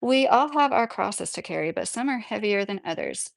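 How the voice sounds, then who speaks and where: Hosting a livestream, this woman reads her chat and chats casually, rambling and saying "like" constantly. Her mid-range voice has lively intonation and some vocal fry, at a moderate pace with no echo.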